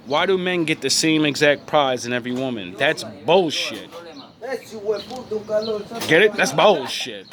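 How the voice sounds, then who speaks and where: A man's voice: a little high, fairly bright tone. A man from the United States giving a blunt, profane rant as a vlogger, mocking his targets and laughing between points. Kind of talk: ranting opinion monologue.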